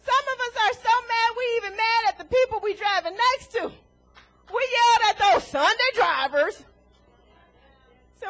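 Very high-voiced woman preaching. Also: normal speed, long pauses, fairly bright tone. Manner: emphatic, rhetorical questions, chuckles between points. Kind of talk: sermon. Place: church before a congregation.

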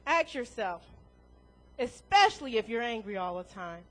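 A woman's voice: fairly high pitch, big pitch swings, normal speed. A woman preaching a sermon to a congregation in a church, emphatic and full of rhetorical questions, chuckling between points.

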